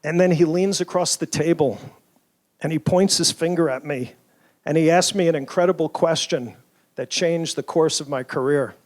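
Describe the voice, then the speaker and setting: High-voiced man giving a keynote. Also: darkish tone. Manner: earnest storytelling, measured. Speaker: keynote speaker, toy inventor. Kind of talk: keynote speech. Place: conference hall.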